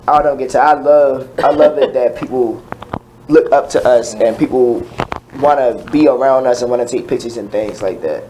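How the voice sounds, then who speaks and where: Man, radio guest, earnest, run-on storytelling, middle pitch, faint background hiss. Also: moderate pace, dark tone, low-quality recording. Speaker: guest performer. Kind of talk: casual storytelling.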